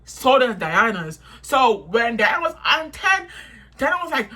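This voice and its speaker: Bright-voiced young woman venting a story. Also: medium pitch, very animated, unhurried. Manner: heated, profane, repetitive venting. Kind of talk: casual storytime vlog.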